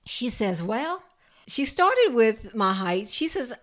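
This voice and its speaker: A woman caregiver telling a personal story to an audience in a lively, expressive way. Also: on the high side, takes it slowly. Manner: expressive, lively storyteller who builds to laughter. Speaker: home caregiver.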